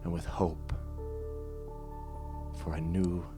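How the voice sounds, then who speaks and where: A man narrating an improvised solo tabletop role-play session in a slow, dramatic storytelling manner. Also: deep voice, flat delivery. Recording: voice over background music.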